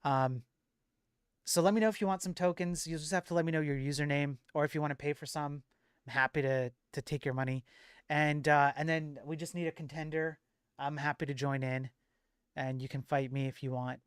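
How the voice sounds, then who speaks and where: A man hosting a livestream and chatting to viewers in a loose, rambling way. His voice is smooth and clear, and the sound is dry and close. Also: on the high side, fairly even intonation, a little fast, dry recording. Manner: rambling, full of fillers and restarts. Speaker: livestream host and moderator. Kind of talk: casual stream chat.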